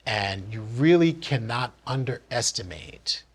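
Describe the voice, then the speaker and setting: A man's voice: medium pitch, animated, unhurried, slightly rough. A man from New Jersey earnestly and candidly telling a personal story in one unedited take, reflective as he looks back.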